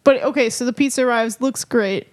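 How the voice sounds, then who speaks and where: A woman co-hosting a casual podcast, retelling posts in an animated way and laughing often. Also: a little high, brisk, dry recording. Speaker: podcast co-host.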